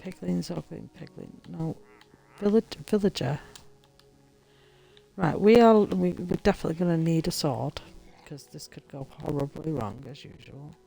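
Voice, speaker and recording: A woman's voice: low-pitched, moderate pace, vocal fry, warm tone, faint music behind. A woman chatting casually to her viewers as she plays a building game and talks to the characters. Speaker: gaming streamer. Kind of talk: casual gameplay commentary.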